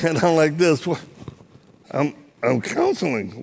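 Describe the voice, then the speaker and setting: In this church sermon, a middle-aged man speaks unhurriedly in a mid-range voice with vocal fry, over slight background noise. He's an animated, joking storyteller who performs the dialogue of the people in his comic tales.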